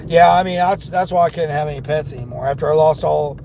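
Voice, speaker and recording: A man's voice: a little high, fast talker, gravelly, background noise. A man with a Southern accent chatting casually with his livestream viewers while driving for deliveries, rambling from one story to the next. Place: inside a car.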